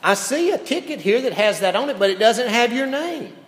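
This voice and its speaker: A man's voice: very high-pitched, very animated, normal speed, voice pushed up. A man voicing a friendly small-town woman at a drive-through window, chatty and surprised, in an echoey church hall.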